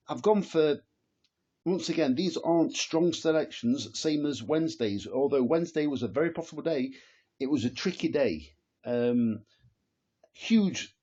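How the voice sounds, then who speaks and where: A man hosting a horse racing tips show, talking casually and excitably, rambling with restarts and exclamations. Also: mid-range voice, slightly rough, lo-fi sound. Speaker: horse racing tipster, host. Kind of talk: casual talk to camera about betting tips.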